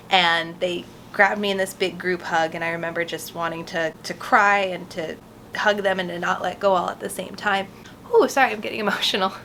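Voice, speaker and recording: An earnest woman speaks to her viewers in a relaxed vlog style, explaining a tarot card with heartfelt warmth. Her voice sits at a middle pitch, and a faint hum of room noise lies under it. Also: low-quality recording. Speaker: vlogger and tarot artist.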